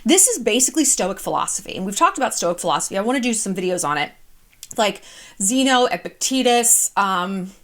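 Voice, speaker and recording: A woman's voice: mid-range voice, animated, fairly quick, a bit bright. Candid, chatty woman vlogger. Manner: candid, chatty, swears freely. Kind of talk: casual advice talk to camera.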